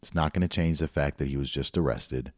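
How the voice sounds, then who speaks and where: A man's voice: very deep voice, a little fast, darkish tone, no room sound, studio quality. A middle-aged man hosting a podcast, telling a personal story in a candid, reflective way. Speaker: podcast host. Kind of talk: storytelling monologue.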